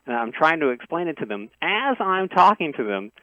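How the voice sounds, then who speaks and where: A man's voice: on the high side, very animated, moderate pace, hardly any pauses, no room sound. A man on a radio show tells a long first-person story in an earnest way, often breaking off and restarting phrases. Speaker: interview guest. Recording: dry tinny phone line.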